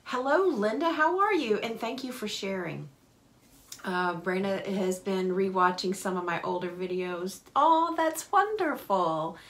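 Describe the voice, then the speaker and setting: A woman's voice: medium pitch, expressive, measured pace, fairly bright tone. A woman hosting a live paper craft tutorial, chatting cheerfully and greeting viewers by name. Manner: cheerful, apologetic asides.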